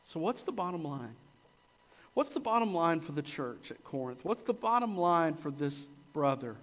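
A man preaching a sermon as pastor, swinging between emphatic rises and quiet, intense drops. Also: on the high side, very animated, moderate pace. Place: church sanctuary. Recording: long church reverb, dull lo-fi sound.

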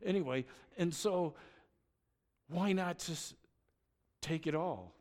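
Animated middle-aged male pastor preaching. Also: on the high side, slow. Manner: conversational, animated storytelling with acted-out exclamations. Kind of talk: sermon.

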